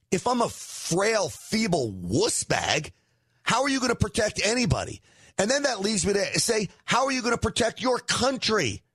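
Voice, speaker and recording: Man, middle-aged, political host, indignant, near-shouting peaks, slightly high voice. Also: husky, no room sound. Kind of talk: opinion monologue and ad read.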